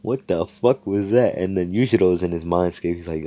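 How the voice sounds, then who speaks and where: Casting: young man, deep voice, loose and slangy, making up a fan story on the spot. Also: brisk, warm tone, highs cut off. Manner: rambling, slangy, swearing, many fillers. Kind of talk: improvised fan fiction storytelling.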